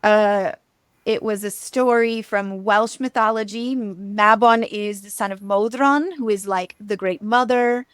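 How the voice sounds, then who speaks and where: A woman's voice: mid-range voice, measured pace, clear, resonant tone, no echo, clean studio sound. A woman hosting a podcast, casually retelling a myth in a chatty way, with fillers and laughs. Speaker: podcast host. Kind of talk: casual storytelling chat.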